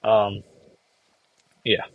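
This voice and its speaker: A man's voice: narrow, tinny audio, slight background noise. A young man casually recapping an anime, rambling and briefly acting out the characters. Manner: rambling, acts out characters in quick put-on voices. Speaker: anime reviewer.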